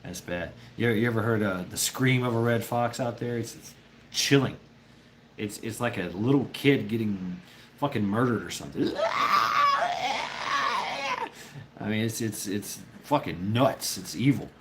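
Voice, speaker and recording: A man's voice: fairly low pitch, moderate pace, background noise. A man telling a rambling, profane story in casual chat with his viewers, often laughing. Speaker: livestreamer chatting with viewers.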